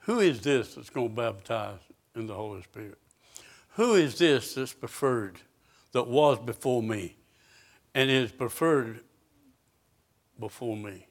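Scripture comes slowly and forcefully from a male preacher whose mid-range voice is expressive. His intensity climbs as he reads, and he turns to his listeners with pointed questions.

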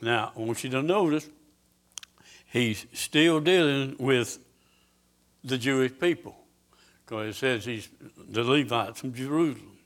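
A man preaching a sermon, reading scripture aloud with emphasis and asking his listeners direct questions. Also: medium pitch. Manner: slow, emphatic scripture reading with rising intensity; asks the congregation direct questions.

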